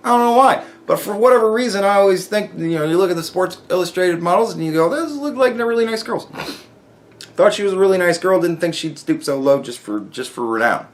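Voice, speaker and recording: A man's voice: high-pitched, fast, few pauses. A man hosting his own podcast, ranting in a loose, profane monologue full of swearing. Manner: animated, swearing constantly. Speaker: podcast host.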